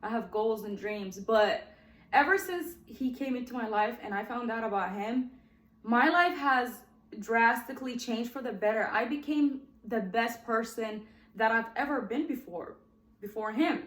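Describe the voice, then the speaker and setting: Heartfelt and chatty, a podcast host in her twenties shares her life story, frequently addressing "guys" and nearly tearing up at moments. Her slightly high, fairly bright voice moves unhurriedly through a reverberant space.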